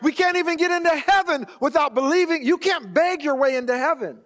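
A man preaching a sermon, reading scripture slowly and calling on the congregation to respond. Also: extremely high pitch, animated, a bit bright. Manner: reads scripture slowly and emphatically. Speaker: pastor.

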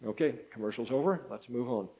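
An older man preaching a sermon in a folksy, halting way, with many fillers and restarts. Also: mid-range voice, dark tone, rough recording. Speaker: pastor.

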